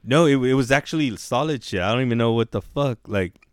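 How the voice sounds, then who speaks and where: A man's voice: medium pitch, fairly quick, clean tone, no room sound, studio quality. A man casually telling a long story to a friend, rambling and swearing, full of "like" and "dude". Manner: profane, rambling, heavy with "like" and "dude".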